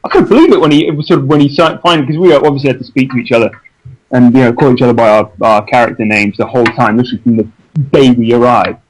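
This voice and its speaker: A man's voice: mid-range voice, racing, low-quality recording. A man with an English accent, an actor chatting as an interview guest, self-deprecating and prone to restarts. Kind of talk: casual interview chat.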